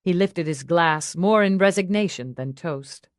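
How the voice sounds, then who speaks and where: A woman narrating a fantasy audiobook in an expressive way, acting out every character. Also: on the low side, unhurried, no echo, clean studio sound. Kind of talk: scripted narration.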